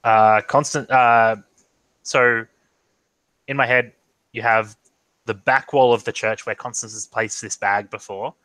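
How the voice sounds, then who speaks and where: A man's voice: mid-range voice, fairly even intonation, measured pace, long pauses, sharp tone, no echo, low-quality recording. A man running a tabletop role-playing game over an online call, narrating the scene in a hesitant way full of ums and restarts. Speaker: game master. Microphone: online video call.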